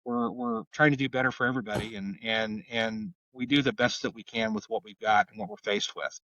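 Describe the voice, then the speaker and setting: A man's voice: mid-range voice, lively intonation, a little fast, gravelly, sharp tone, no room sound, recorded from a distance, highs cut off. A middle-aged man with an Oklahoma accent, a homicide detective telling stories in a podcast interview in an earnest way, often repeating words. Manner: earnest, repeats words, acts out quoted voices.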